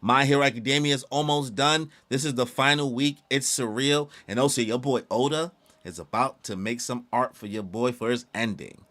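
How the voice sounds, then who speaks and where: A young man streaming a live comic reaction, excitable and slangy, full of exclamations. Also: mid-range voice, normal speed.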